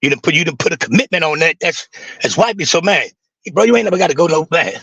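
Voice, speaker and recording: A man with a gravelly, husky voice tells a grieving personal story in street slang, stumbling over his words and circling back. His tone is bright and edgy. The sound is dry and close. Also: a little high, animated, quick pace, no echo, highs cut off. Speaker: livestream host.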